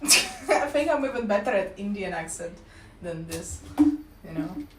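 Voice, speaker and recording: Woman, Russian accent, casual streamer patter, lively pitch, roomy distant sound. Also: measured pace. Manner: teasing, self-mocking, laughs often. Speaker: livestreamer. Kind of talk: casual livestream chat.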